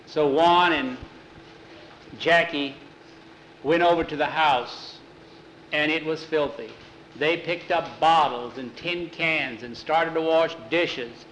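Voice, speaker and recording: A man's voice: on the high side, slow pace, pauses often, fairly bright tone, slight background noise. Man telling a story in a roomy room. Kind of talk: oral storytelling. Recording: roomy echo, faint ambience.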